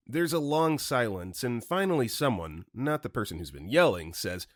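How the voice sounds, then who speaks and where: A man's voice: fairly low pitch, sing-song, normal speed, hardly any pauses, no room sound, studio quality. A man reading online stories aloud with casual commentary, expressively acting out the quotes. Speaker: story reader and narrator.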